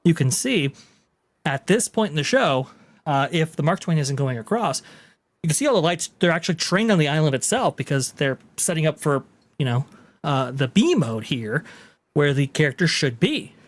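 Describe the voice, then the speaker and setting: A man's voice: a little high, big pitch swings, normal speed. Chatty man hosting a theme-park podcast. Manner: chatty, explanatory, with frequent fillers. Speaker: podcast host. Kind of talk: casual commentary over video clips.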